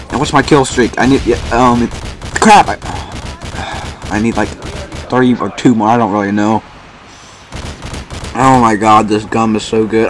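A young man giving excited, boastful commentary while playing a shooter game. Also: medium pitch, a little hiss or hum. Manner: boastful, frustrated, exclaiming. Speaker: gamer narrating his match. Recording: faint gunfire from the game behind.

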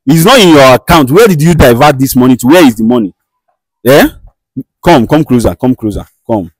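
A man with a Nigerian accent acting as a show host who calmly mediates a dispute and questions firmly. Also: medium pitch, brisk, dry recording, natural voice. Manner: soothing, repeats "calm down", firm questioning. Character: male show host, calm and commanding mediator. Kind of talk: comedy skit acting.

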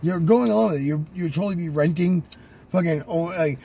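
A man's voice: a little high, a little fast, vocal fry, warm tone, slightly rough. A young man in a heated casual argument, needling, mocking and interrupting, with frequent swearing.

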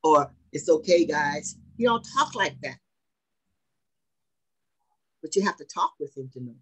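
A woman's voice: low voice, sing-song, measured pace, fairly bright tone, husky, low-quality recording. Fields: Sex: woman. Role: preacher. Style: sermon. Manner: emphatic, questioning. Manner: emphatic, repeats phrases, asks the congregation questions.

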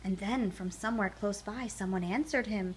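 A woman storyteller reading a children's picture book aloud in an expressive, sing-song way. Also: mid-range voice, moderate pace, a little hiss or hum.

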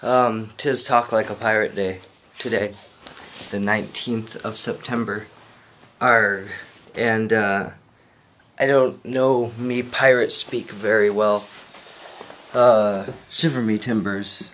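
A man's voice: on the low side, steady tone, slow pace, a bit bright, slight background noise. A young man talking offhand through a casual daily vlog, with lots of fillers, filmed on a handheld camera while out and about. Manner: rambling and offhand, with many fillers. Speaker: vlogger. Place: out and about on a phone camera, indoors and outdoors.

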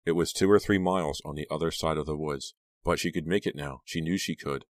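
A man narrating a horror audiobook in a steady, measured way. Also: a bass voice, no room sound, clean studio sound.

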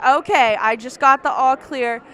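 A woman's voice: sits high, measured pace, a bit bright, a faint crowd. A woman from Texas, interviewing guests in an upbeat, complimentary way. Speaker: red carpet interviewer. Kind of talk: casual interview.

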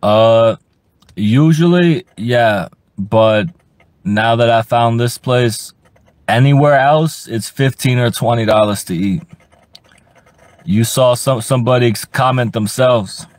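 A man's voice: mid-range voice, slow pace, no room sound. Male livestreamer in a parked car, fed up, swears a lot, stumbles and repeats words, mid-range voice. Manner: frustrated, profane, stammers and repeats words. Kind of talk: rambling live stream to chat.

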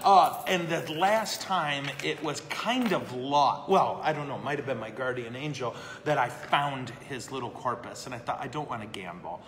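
A man's voice: medium pitch, normal speed, hardly any pauses, fairly bright tone. A man, a priest, chatting casually and answering questions live, self-deprecating and laughing often. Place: brewery. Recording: echoey room with long reverb.

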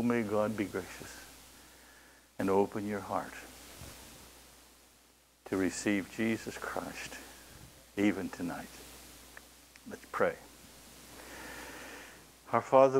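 Impassioned male preacher, low voice. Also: slight background noise, poor audio. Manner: impassioned pleading, rising to loud cries. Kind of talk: sermon.

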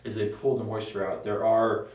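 A young adult man hosting a casual solo talk show, relaxed and rambling with frequent ums. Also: on the low side, normal speed. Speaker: host. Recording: echoey room, voice a bit far from mic.

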